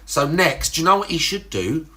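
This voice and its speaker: A man's voice: a little high, very animated, moderate pace, pushed and bright. A young man chatting casually on a livestream, rambling and crude, with lots of restarts and self-mocking asides.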